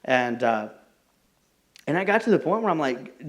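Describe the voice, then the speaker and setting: A young adult pastor gives a casual, conversational sermon, telling personal stories in an animated way. His voice sits a little high for a man and swings widely up and down. He talks loosely, with plenty of filler words. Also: moderate pace. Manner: animated storytelling, many fillers like "like".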